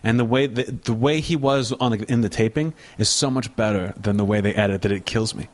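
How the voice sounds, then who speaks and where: A man's voice: on the low side, fairly quick. A man, a comedian guest on a talk show, telling brash, sardonic anecdotes in casual chat.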